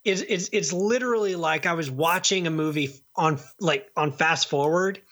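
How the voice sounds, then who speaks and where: Male podcast co-host, casual and rambling, a bright and forceful voice. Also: on the high side, normal speed. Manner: rambling, with many restarts and repeated words. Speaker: podcast co-host reviewing movies. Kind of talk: casual chat.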